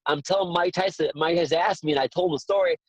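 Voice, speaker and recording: Earnest storytelling man, slightly high voice. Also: fast, breathy edge, dry recording, poor audio. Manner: earnest, excitable storyteller who repeats words. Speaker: guest, boxing trainer. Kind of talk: casual interview storytelling.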